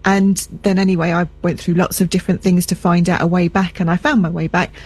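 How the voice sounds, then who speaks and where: Woman, guest, casual chat, earnest, slightly breathy voice. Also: fairly low pitch, little pitch movement, fairly quick, darkish tone.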